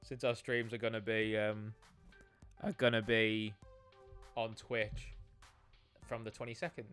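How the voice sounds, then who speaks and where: A man's voice: lowish voice, little pitch movement, measured pace, a bit bright, faint music behind. A young man co-hosting a game stream, chatting casually and reading the game's lines aloud in a laid-back, giggly way.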